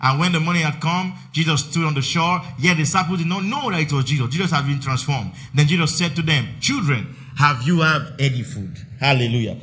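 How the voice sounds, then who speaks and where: A man's voice: a little high, quick pace, few pauses, a bit bright. A male pastor preaching a sermon in church, asking the congregation for amens and acting out Bible scenes. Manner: preaching with call-and-response prompts and dramatized Bible quotes.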